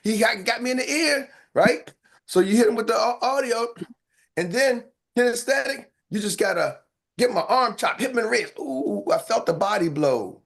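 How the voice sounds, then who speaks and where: A man with an American accent coaching salespeople on a live call, playful and animated, acting out lines and sound effects. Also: extremely high pitch, moderate pace, gravelly.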